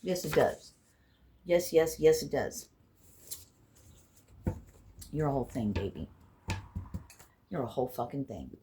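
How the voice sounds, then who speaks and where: Lively, swearing woman reading spirit cards. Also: rumbling low, unhurried, long pauses, a little hiss or hum. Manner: rambling, swears freely, animated swings from loud to hushed. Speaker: intuitive card reader and healer. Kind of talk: casual spiritual card reading to camera.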